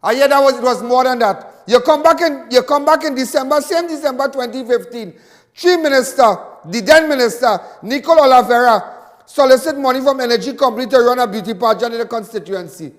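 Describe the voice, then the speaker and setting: A Trinidadian man hosts a show with a heated political monologue. His voice sits unusually high, and he mocks and repeats phrases to drive each point home. A long reverb trails his words. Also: a little fast. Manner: fiery, mocking, repeats lines for emphasis. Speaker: host.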